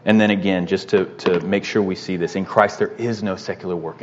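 A man teaching a Bible lesson in a conversational way, often pausing with fillers and asking "right?". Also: lowish voice, lo-fi sound.

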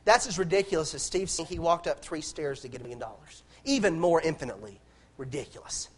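A man's voice: fairly high pitch, animated, fast, husky. A man preaching a sermon in an impassioned way, repeating phrases and restarting lines as he builds.

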